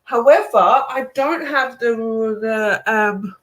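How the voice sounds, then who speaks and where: Bright-voiced chatty woman. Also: on the high side, slow pace. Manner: chatty, animated, laughs easily. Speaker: live stream host. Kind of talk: casual chat.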